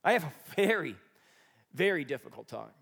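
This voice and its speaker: Male pastor with a high voice, animated sermon delivery that swings between loud and quiet. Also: moderate pace, vocal fry, slightly rough.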